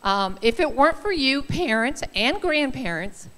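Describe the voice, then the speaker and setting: A woman's voice: high-pitched, very animated, unhurried, fairly bright tone. A woman in her sixties, a retiring teacher, giving an earnest, emotional speech at a school ceremony, choked up at times. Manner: earnest, emotional, laughs between lines. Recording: long reverb in a large hall.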